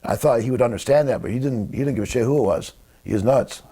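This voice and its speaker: A man tells rambling backstage stories in a loose, casual way, swearing freely. His speech is rapid, and his voice sits at an ordinary middle pitch. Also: dark tone, husky. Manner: rambling, profane, fast anecdotes. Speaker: wrestling guest recalling stories. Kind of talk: casual storytelling.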